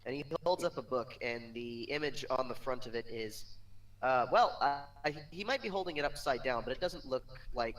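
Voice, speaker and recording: A man's voice: medium pitch, moderate pace, fairly bright tone, distant mic, low-quality recording. Joking male player, off-mic. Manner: descriptive, joking. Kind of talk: playing a tabletop game.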